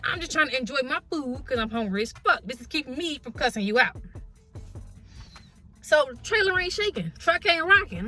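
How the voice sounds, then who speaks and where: A woman trucker telling a story in a casual vlog, blunt and full of cussing. Her voice sits a little high and has a bright, forceful edge. She tells it with animated energy. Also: normal speed, faint music behind. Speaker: truck driver and vlogger.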